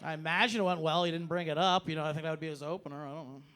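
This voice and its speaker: A man doing a stand-up comedy set on a club stage, telling stories in an animated way and breaking into shouted bits. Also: on the high side, very fast. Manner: animated storytelling, bursts into shouted impressions.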